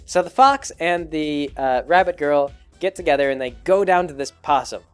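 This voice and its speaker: A young man rambling through an improvised story, restarting often and acting out characters in quick bits. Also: fairly high pitch, animated, clear, resonant tone, soft background music. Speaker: comedy podcast host.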